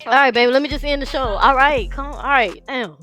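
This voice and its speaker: High bright-voiced woman in a crying rant. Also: quick pace, soft background music. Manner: crying, swearing, raw. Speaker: live streamer. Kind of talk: emotional livestream rant.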